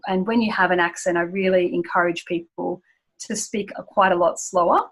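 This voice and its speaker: A woman's voice: lowish voice, steady tone, normal speed, fairly bright tone, poor audio. An Australian woman accent coach explaining pronunciation tips in a conversational way. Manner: explanatory, gives spoken examples.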